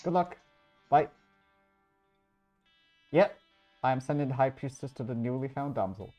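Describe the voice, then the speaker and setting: A game storyteller running an online social deduction game over voice chat, brisk and matter-of-fact, thinking aloud between private calls on a home computer mic. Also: medium pitch, highs cut off, soft background music.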